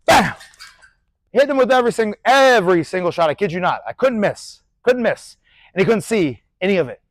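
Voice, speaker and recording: A middle-aged male boxing coach talks through technique in a casual, animated way, his fairly high voice close and dry. He swears lightly, throws in sharp punch noises, and keeps asking "right?" as he goes. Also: no room sound, rough recording. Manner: animated, demonstrates punches with shouted sound effects; loose, chatty, swears casually. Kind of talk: casual instructional talk.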